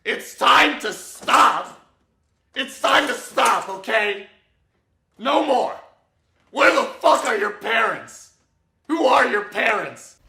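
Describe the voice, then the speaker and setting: Male voice, piercing and high, ranting at a shout, played from an echoey clip. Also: animated, slow, vocal fry, long pauses.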